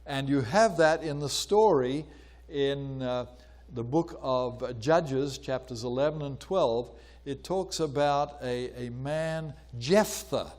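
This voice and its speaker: An older man giving an informal lecture on archaeology, conversational with many pauses and fillers, sometimes acting out voices as he retells a story. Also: medium pitch, darkish tone.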